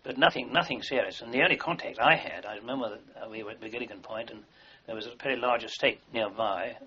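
A man's medium-pitched voice, fast and sharp-toned, recounts wartime experiences at length. He's an older army veteran giving an oral history, meandering with fillers and restarts, captured in a dull, lo-fi recording.

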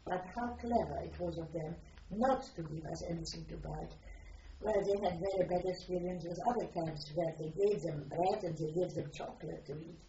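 Older woman, halting. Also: lowish voice, warm tone, a little hiss or hum. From Poland. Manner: reflective, halting, searching for words. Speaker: witness giving testimony. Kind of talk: personal testimony, recalled aloud. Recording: distant roomy lo-fi recording.

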